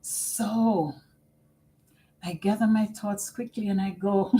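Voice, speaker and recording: A middle-aged woman live-streaming on her computer at home, talking slowly and earnestly about caring for her father and often repeating herself. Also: mid-range voice, fairly even intonation, warm tone, a little hiss or hum, rough recording. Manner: slow and earnest, repeats phrases. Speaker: vlogger and family caregiver. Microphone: computer microphone.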